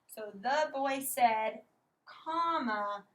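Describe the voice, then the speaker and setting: A woman teacher slowly walking through a writing lesson step by step, stopping to correct her own slips. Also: on the high side, animated, fairly bright tone, poor audio. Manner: slow, step-by-step explaining, apologizes for slips. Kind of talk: recorded classroom lesson.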